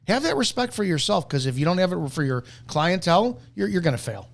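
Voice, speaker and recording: A man with a somewhat high voice rants bluntly and combatively. He reacts to a clip with profane, fired-up commentary on sales prospecting. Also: very animated, a little fast, gravelly. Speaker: network marketing commentator.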